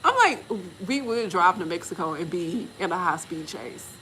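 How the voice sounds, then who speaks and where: A woman's voice: on the low side, normal speed, a bit bright, a little hiss or hum. A woman in her forties from Texas, telling travel stories in casual, slangy chat and laughing often. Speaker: vlogger and respiratory therapist.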